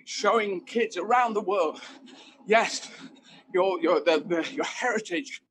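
A comedian talks in a lively, emphatic rush, circling back on his phrases. His voice sits high for a man. Steady outdoor noise runs under everything. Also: takes it slowly. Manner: animated, emphatic, rambling asides. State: running while talking. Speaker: guest comedian. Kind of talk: conversational interview.

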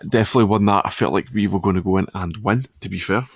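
A man's voice: lowish voice, racing, breathy edge, no room sound, clean studio sound. A Scottish man hosting a casual football podcast, talking in a rambling, easygoing way and often correcting himself. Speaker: podcast host.

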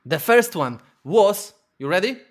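A man's voice: high voice, very animated, measured pace. A man on a podcast, chatting playfully and trying out regional accents. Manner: playful, laughing, non-native phrasing. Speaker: podcast co-host. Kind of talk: casual chat, doing regional accents.

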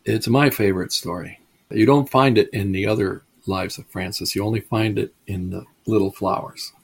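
A man's voice: on the low side, fairly even intonation, normal speed, vocal fry, slightly rough. A man giving a storytelling lecture, chatty and digressive, chuckling at his own stories. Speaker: lecturer on mysticism.

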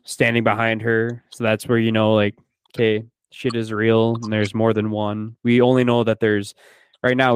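A man's voice: fairly low pitch, smooth, dry recording. A man hosting a podcast, chatting casually about a film and animatedly acting out the characters' lines. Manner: animated retelling, acts out quoted lines. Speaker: podcast host. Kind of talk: casual movie discussion.

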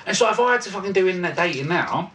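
A man's voice: sits high, expressive, very fast, a bit bright, recorded from a distance, slight background noise. A man co-hosting a podcast, telling stories in casual, sweary banter and laughing often. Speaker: podcast co-host.

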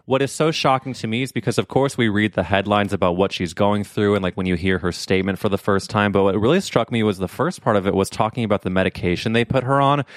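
A young man hosting a casual podcast chat, talking in a chatty, animated way and swearing casually. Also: sits low, no echo, clean studio sound. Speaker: podcast host.

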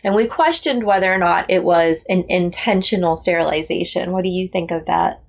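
A woman co-hosting a casual book discussion podcast, chatty and animated, quick to agree with her guest. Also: on the low side, vocal fry. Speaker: podcast co-host. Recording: lo-fi dull audio.

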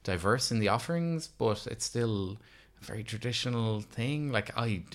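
A man's voice: medium pitch, moderate pace. A man in his thirties co-hosting a casual film podcast, rambling and chatty with lots of fillers and restarts. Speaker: podcast co-host. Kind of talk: casual film review chat.

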